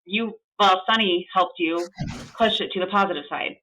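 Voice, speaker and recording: A woman's voice: on the low side, normal speed, background noise. A woman hosting an interview, affirming her guest and reflecting in an encouraging way. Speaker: podcast host. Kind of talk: casual interview chat.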